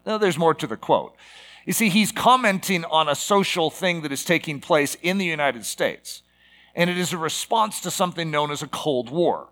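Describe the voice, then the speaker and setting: A man in his fifties delivers a relaxed sermon, talking to the congregation like he's telling a story among friends. His voice sits somewhat high for a man, and he fills pauses with fillers and quick rhetorical questions. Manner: conversational, with many fillers and rhetorical asides.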